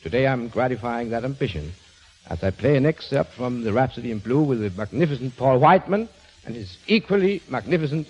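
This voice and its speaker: A man's voice: medium pitch, animated, fairly quick, a little mellow, breathy edge. A man with a doing a comic monologue, reading a silly passage aloud with little chuckles and swapping numbers into his words. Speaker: comedian and pianist. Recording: dull lo-fi old radio recording, noisy.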